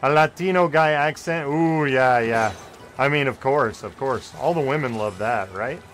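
A young man streaming a game live, chatting casually with viewers and yelping and shouting when plays get close. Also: mid-range voice, moderate pace, a little hiss or hum. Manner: excitable, yelps and shouts at close plays, joking with chat. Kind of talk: casual live gameplay commentary.

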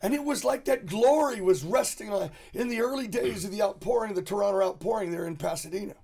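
Male preacher guest, high gravelly husky voice, earnest storytelling. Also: quick pace, a little mellow. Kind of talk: conversational storytelling.

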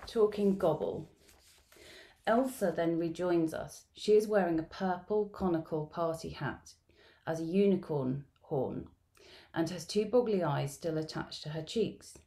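Low, gravelly-voiced middle-aged woman reading. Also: mellow. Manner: measured, reflective storytelling delivery. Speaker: education researcher presenting at a symposium. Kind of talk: reading a field-note narrative aloud.

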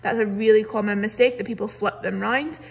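A primary school teacher with a steady, mid-range voice talks fairly quickly as she patiently explains grammar in a recorded online lesson. Speaking into a computer mic, she stays clear while dropping in plenty of "so"s and "um"s.

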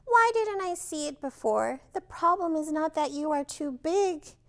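A woman's voice: high voice, animated, measured pace, fairly bright tone, voice pushed up, exaggerated voice. A woman playing a prim, gracious ballet teacher in a storybook read-aloud, speaking formally and giving commands.

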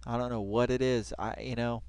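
A man hosting a casual reaction video at home on a headset mic, excitable and laughing, tossing "dude" into nearly every line. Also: medium pitch, fairly quick, slight background noise. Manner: excitable, says "dude" constantly, breaks into laughter.

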